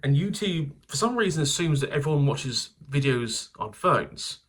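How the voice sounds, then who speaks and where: A man's voice: fairly high pitch, big pitch swings, moderate pace, a bit bright, slightly rough. A man hosting his channel, telling rambling stories, swearing and laughing at himself. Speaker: channel host. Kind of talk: casual anecdotal vlog.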